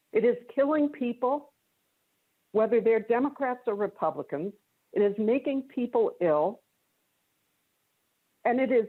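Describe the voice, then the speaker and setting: A woman legislator with a Minnesotan accent speaking earnestly and insistently from home in a floor debate by video call. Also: medium pitch. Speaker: state legislator. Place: her home. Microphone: remote video call. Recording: tinny phone-like remote audio.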